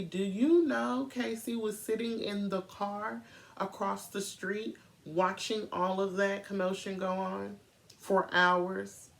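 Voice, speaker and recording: A woman telling a true crime story in a casual, animated way, speaking straight to her viewers. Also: mid-range voice, creaky.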